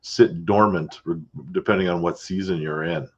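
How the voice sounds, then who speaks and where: Deep husky man hosting a podcast. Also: moderate pace, dull audio. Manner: relaxed, chatty, with fillers and asides. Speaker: podcast host, realtor. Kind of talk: casual chat.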